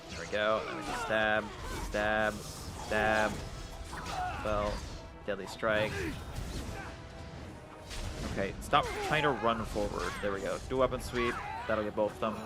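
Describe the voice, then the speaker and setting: A man streaming a game, chatting casually with lots of swearing, self-mocking jokes and laughter. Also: on the low side. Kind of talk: casual gameplay commentary.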